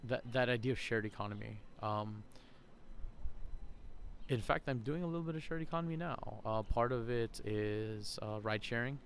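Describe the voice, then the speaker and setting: With a mid-range voice at a moderate pace, this male podcast host chats and rambles in a casual vlog monologue while laughing a lot. He's at an outdoor shopping center, where faint crowd noise and a slight hiss or hum come through.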